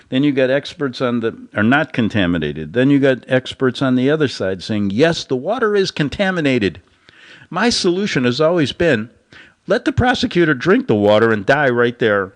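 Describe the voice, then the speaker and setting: A man hosting a commentary show, talking in a rambling, casual way and chuckling at his own jokes. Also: mid-range voice. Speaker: host.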